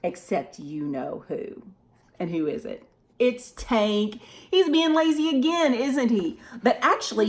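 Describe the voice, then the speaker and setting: Animated woman reading to children. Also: on the high side, a little slow. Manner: animated and expressive. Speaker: storytime reader. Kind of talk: children's read-aloud.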